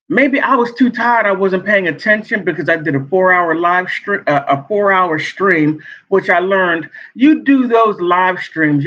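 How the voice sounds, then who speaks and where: A man giving sassy, animated gossip commentary as a vlogger, laughing often. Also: high-pitched. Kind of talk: casual commentary. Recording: dull lo-fi sound.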